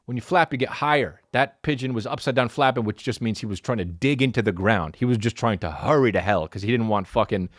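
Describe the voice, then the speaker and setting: A man in his thirties hosting a podcast, ranting through a comic story with lots of swearing and sudden jumps into silly high voices. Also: dry recording, clean studio sound. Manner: animated storytelling, profane, jumps into mock voices and high sung syllables. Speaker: podcast host. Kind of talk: comedic rant.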